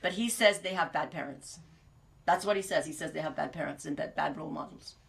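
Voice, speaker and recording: A woman's voice: low voice, fairly quick, vocal fry. A woman hosting a podcast, chatting casually and rambling through stories, laughing at her own jokes. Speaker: podcast host. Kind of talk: casual chat.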